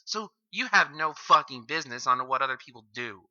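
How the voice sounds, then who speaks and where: A man's voice: medium pitch, lively intonation, fairly quick, sharp tone. A man hosting a reaction commentary, heckling and insulting the video with constant swearing. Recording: dull lo-fi mic.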